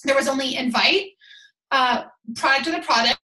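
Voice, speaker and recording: A woman coaching her team on a call, talking in an energetic, emphatic rush filled with "like"s. Her voice sits high and sounds bright and forceful. The room around her gives it a noticeable echo. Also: moderate pace. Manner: energetic, emphatic, chatty with many "like"s. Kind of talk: motivational team call talk. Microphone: call audio.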